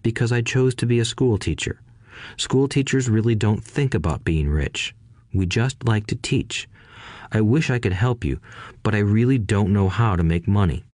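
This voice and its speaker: A man reading the part of a kind, gentle schoolteacher father who explains things patiently. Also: lowish voice, moderate pace, no echo, clean studio sound, lightly acted. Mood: patient explaining. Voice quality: soft, patient. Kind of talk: audiobook reading.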